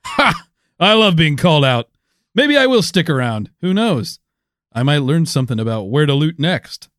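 A cocky, roguish archaeologist professor boasts about looting, all smug self-promotion, as a man puts him on. The voice sits a bit high and swings widely in pitch, recorded close and dry with no room sound. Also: very animated, moderate pace, a bit bright, no echo. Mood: boastful.

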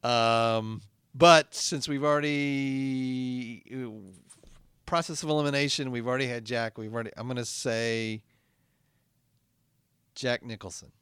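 A man's voice: medium pitch, steady tone, a little slow, long pauses, a bit bright, clear, resonant tone, no echo, clean studio sound. Giggly, eager male podcast host. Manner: giggly, eager, playing along. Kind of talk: improvised comedy podcast.

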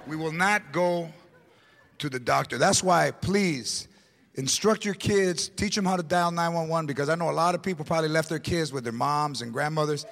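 Gravelly high-voiced stand-up comedian. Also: male voice, moderate pace. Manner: animated storytelling, mixing in Spanish words.

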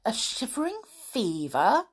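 Woman playing a nervous little boy bunny, fretful, storybook, slow. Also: on the high side, wildly swooping pitch, breathy edge, pitched above the performer's own voice, full character voice. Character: timid anxious male bunny friend.

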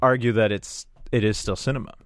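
A man's voice: mid-range voice, fairly even intonation, fairly quick, dry recording, clean studio sound. A young man, a guest on a podcast, chatting casually with a wry, joking manner. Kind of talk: casual chat.

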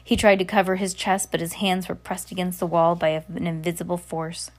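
A woman's voice: on the low side, steady tone, fairly quick. A woman reading a novel aloud, chatty and correcting her slips, with casual asides. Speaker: audiobook reader.

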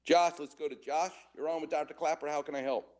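A man in his sixties hosting a call-in radio show as a doctor, an animated storyteller who laughs often. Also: a little high, fast.

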